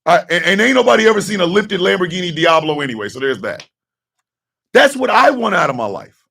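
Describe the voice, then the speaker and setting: A man's voice: sits high, big pitch swings, a little fast, vocal fry, fairly bright tone, breathy edge, far from the mic. A middle-aged man hosting a radio talk show, giving a blunt, profane personal monologue and repeating his key lines for emphasis.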